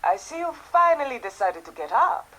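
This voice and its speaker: An actress playing a vain, chatty Venetian landlady in a mystery game, with a lively, theatrical delivery. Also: sits high, normal speed, poor audio. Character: tanned Italian landlady in Venice, vain, chatty. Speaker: game character.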